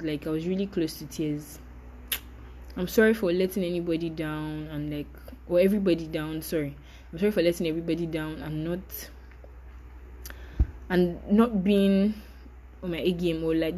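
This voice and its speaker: Young woman, solo podcast host; candid and chatty, warm low tone. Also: low-quality recording. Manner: candid, chatty, apologetic, with light laughs. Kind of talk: casual solo podcast monologue.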